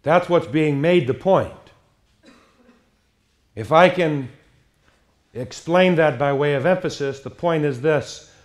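A man pastor preaching an evening sermon, emphatic and swinging between hushed passages and loud outbursts. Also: fairly high pitch, takes it slowly, long pauses.

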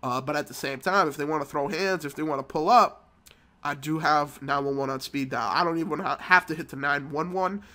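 A man's voice: fairly high pitch, brisk, sharp tone. A man hosting a mobile game channel, telling a rambling, profane story while sick with a cold. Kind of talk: casual gameplay commentary.

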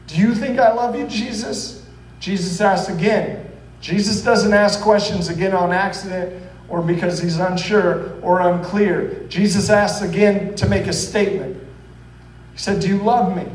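A man's voice: high voice, echoey room, recorded from a distance, rough recording. A man preaching a sermon as pastor, telling the story earnestly and acting out the quoted voices. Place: church hall.

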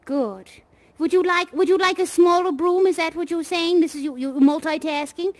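A woman's voice: very high-pitched, normal speed, no room sound, low-quality recording. A woman playing a doting, eccentric female leader of a sweepers' union in a virtual reality game, leading a theatrical, solemn oath with pet names for everyone. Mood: exuberant. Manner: solemn, ceremonial oath-giving.

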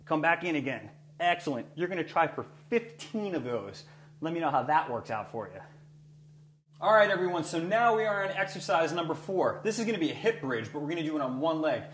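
A man as a fitness trainer, coaching and demonstrating floor exercises in an energetic way, breathing heavily as he works out. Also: fairly high pitch, brisk. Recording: echoey room with faint hum.

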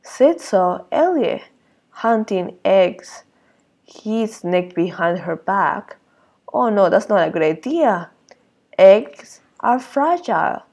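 A woman early years teacher leads circle time and reads a picture book to small children. She talks very slowly and with a gravelly edge. She exclaims a lot and keeps asking the little ones questions. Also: mid-range voice, big pitch swings, darkish tone.

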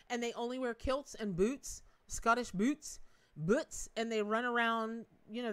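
A woman's voice: on the high side, smooth. A middle-aged woman hosting a live tarot reading, talking in a bubbly, chatty way with frequent laughs and folksy asides.

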